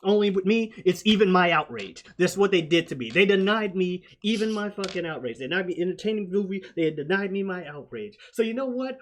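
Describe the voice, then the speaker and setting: A man hosting a casual movie-review podcast, ranting loudly and swearing often. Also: high-pitched, brisk, hardly any pauses, slight background noise. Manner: profane, animated ranting. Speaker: podcast host.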